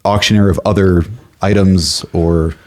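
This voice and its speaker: Low-voiced man hosting an interview. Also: fairly even intonation, unhurried, darkish tone. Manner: encouraging, short reactions. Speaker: host. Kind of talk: casual interview chat.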